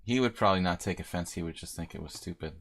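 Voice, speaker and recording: Quick-paced and fairly bright in tone despite a low pitch, a middle-aged man from the United States talks through a live chess game. He's chatty and playful, responding to viewers' messages mid-game.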